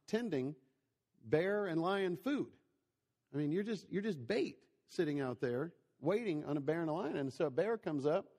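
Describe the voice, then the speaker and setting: A man in his forties preaching a sermon in a large hall with a long echo. His voice sits a little high and has a gravelly edge. He talks like he is telling stories to friends, often asking the listeners questions. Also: a little mellow. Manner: storytelling, conversational, rhetorical questions to listeners.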